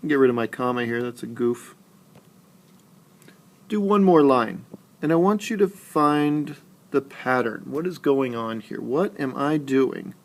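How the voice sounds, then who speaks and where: A man teaching a lesson on poetry rhythm, talking slowly and deliberately and stressing his syllables. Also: medium pitch. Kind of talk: screencast lesson narration.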